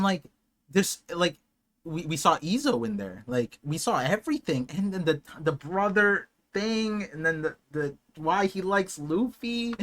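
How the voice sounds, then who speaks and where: His voice is high as he streams a live watch party. The young man's reactions are excited and emotional, moving between quiet wonder and loud shouts.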